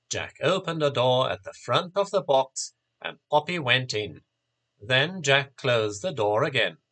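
Male story narrator, bright tone, lively pitch, unhurried delivery. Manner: slow, expressive reading. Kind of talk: storybook reading.

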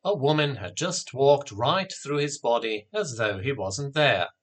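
A man narrating a children's story in a steady, clear reading voice. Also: medium pitch, measured pace.

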